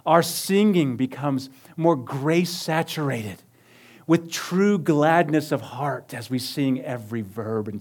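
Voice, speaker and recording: A man preaching a sermon in church, asking rhetorical questions, calling for amens and swinging from hushed tones to raised, emphatic lines. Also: mid-range voice. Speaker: pastor. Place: church sanctuary.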